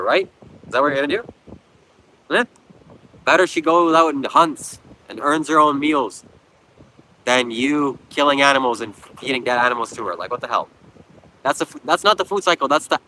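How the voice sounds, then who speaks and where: Outdoors on a beach, a man hosts a live stream, reading viewer comments aloud and firing back with blunt, preachy, mocking lectures. His voice is medium-pitched, bright and forceful, and the recording is rough.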